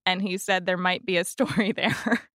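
A woman hosting an interview and asking measured, prepared questions. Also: on the low side, steady tone, fairly bright tone, no echo, studio quality. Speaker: interviewer, host.

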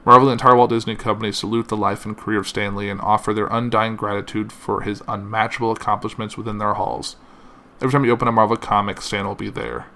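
A man reading a statement and a series of tributes aloud, halting often with fillers and stumbles, and saying it is hard to keep going. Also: fairly low pitch, little pitch movement, gravelly, sharp tone. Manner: halting, with frequent uh fillers and self-corrections. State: emotional, finding it hard to continue.

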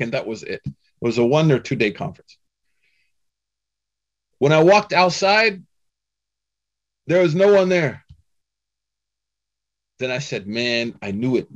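A man telling a personal story in a talk to a Muslim audience, chatty and animated, full of "you know" and "man". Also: on the high side, lo-fi sound. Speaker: Muslim speaker giving a talk.

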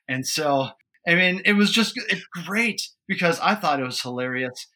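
A man in his thirties tells funny family stories as a podcast guest, animated and laughing as he goes. His voice has a bright, forward edge at an average pitch. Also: normal speed. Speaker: guest, father and trainer. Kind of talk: casual storytelling.

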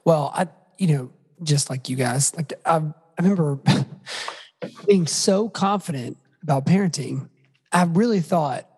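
A man talking in casual conversation in an upbeat, self-deprecating way, words coming in quick bursts. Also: a little high, darkish tone, husky. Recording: long hall reverb.

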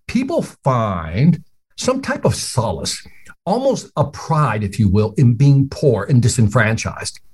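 A man's voice: mid-range voice, darkish tone, a little hiss or hum. A man talking as a podcast guest in casual, emphatic and opinionated chat, laughing easily.

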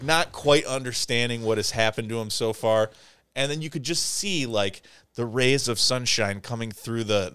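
Casual podcast co-host, male; lively storyteller with a bright, dry sound who laughs as he goes. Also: medium pitch, clean tone, no room sound. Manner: animated, acts out quotes with loud pained yelps; laughs often while telling.

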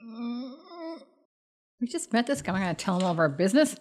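A woman's voice: medium pitch, big pitch swings, rapid-fire. A woman takes part as a player in a casual tabletop role-playing game. She talks in a chatty way, with frequent laughter.

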